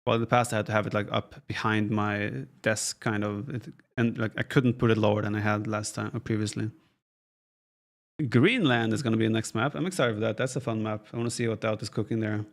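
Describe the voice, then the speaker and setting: A man casually commentates an esports match on a live stream from his home office, sounding relaxed as he thinks aloud and reads out questions from chat. His voice is lowish and his pace fairly quick.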